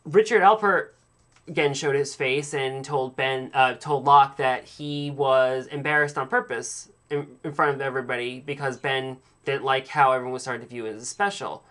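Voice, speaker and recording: A man's voice: mid-range voice, fairly even intonation, moderate pace, fairly bright tone. A man hosting a casual solo podcast, recapping a TV episode in a chatty, opinionated, rambling way with many fillers and restarts. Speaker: podcast host reviewing a TV episode.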